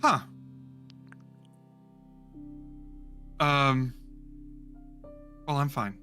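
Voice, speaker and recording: A man voicing a reserved, withdrawn woman who answers quietly, flatly and curtly. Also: mid-range voice, very slow, faint music behind. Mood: guarded. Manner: flat, quiet and curt.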